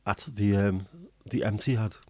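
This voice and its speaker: Chatty man, low and mellow. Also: steady tone, unhurried, no room sound. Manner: chatty, joking, swears casually. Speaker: livestream host. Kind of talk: casual chat reading viewer comments.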